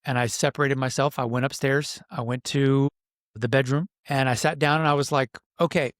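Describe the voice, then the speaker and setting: A man's voice: medium pitch, steady tone, moderate pace, fairly bright tone, no echo, clean studio sound. Earnest middle-aged man telling a personal story. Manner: earnest, reflective, acts out his own inner dialogue. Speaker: podcast guest, men's coach. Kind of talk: storytelling in a podcast interview.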